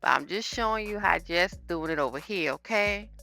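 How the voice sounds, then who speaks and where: Filmed on a phone camera, a cooking vlogger chats casually with her viewers while she cooks in her home kitchen, talking straight to them. Her fairly low voice has vocal fry and a bright, forceful tone, with lively intonation and a moderate pace. Faint music plays in the background.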